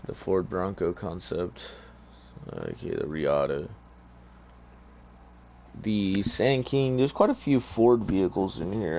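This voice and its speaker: Casual gameplay commentary over a car game comes from a man with a low, somewhat dark voice, sleepy and newly awake. This gaming YouTuber rambles in a laid-back way with many fillers, over slight hiss or hum.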